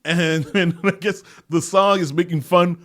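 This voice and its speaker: A man's voice: sits high, fairly even intonation, unhurried. A man hosting his own podcast in casual, profane talk, often breaking into laughter. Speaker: podcast host. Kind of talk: casual solo podcast chat.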